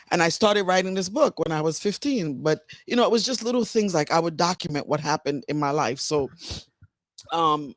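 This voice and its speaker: A woman author with a low voice tells her life story candidly as a radio show guest, digressing and fighting back tears. The recording is clean studio sound with no room noise.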